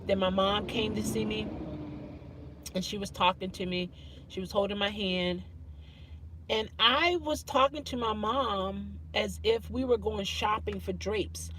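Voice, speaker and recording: A woman's voice: medium pitch, measured pace, a bit bright, a little hiss or hum. A woman vlogger telling a personal story to camera in an earnest way, often repeating phrases and restarting her sentences.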